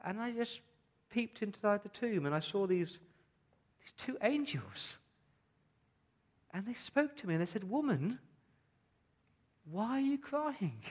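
A man preaching in the first person as Mary Magdalene, a grieving woman who becomes a joyful witness. He speaks earnestly and haltingly as he retells her story. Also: high voice, big pitch swings, darkish tone, pitched above the performer's own voice, heavily acted. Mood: emotional. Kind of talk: first-person dramatic monologue in a sermon.

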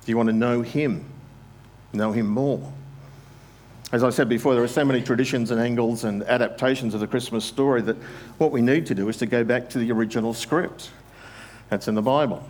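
A man's voice: medium pitch, brisk, darkish tone. A man, a pastor, preaching an earnest sermon and putting direct questions to his congregation.

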